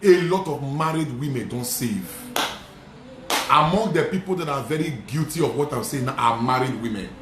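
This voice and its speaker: A man who is a Nigerian Catholic priest, preaching emphatically and repeating lines, slipping into pidgin and shouting at the peaks. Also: medium pitch, animated, moderate pace, roomy sound, background noise. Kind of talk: preaching sermon. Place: studio.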